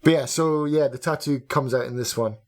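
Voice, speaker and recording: A man's voice: medium pitch, moderate pace. A man co-hosting a podcast, giving frank, opinionated takes on a game with lots of "like" and a laugh. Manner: candid and opinionated, trailing off with likes and laughs. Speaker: podcast co-host. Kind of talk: casual game discussion podcast.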